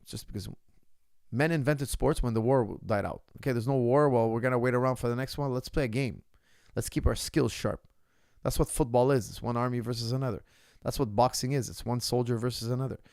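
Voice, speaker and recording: A man with a gravelly, mid-pitched voice talks in a casual Q&A as a fight coach. He lectures emphatically and mocks the questions he gets. The sound is dry and close. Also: steady tone, a little fast, a little mellow, no room sound. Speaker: martial arts coach. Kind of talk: casual Q&A monologue. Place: lives in Canada.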